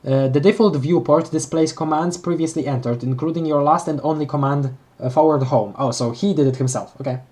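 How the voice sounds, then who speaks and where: With a medium-pitched, darkish voice, this streamer reads fairly quickly and with few pauses on a live webcomic read-along. The reading is full of stumbles and restarts, punctuated by gasps and emotional reactions.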